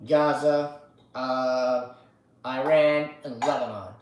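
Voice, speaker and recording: Slow, profane man ranting on a livestream. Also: mid-range voice, fairly even intonation, a little mellow, reverberant. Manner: slow, profane, chanting slogans. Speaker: livestream host. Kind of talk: casual political livestream rant.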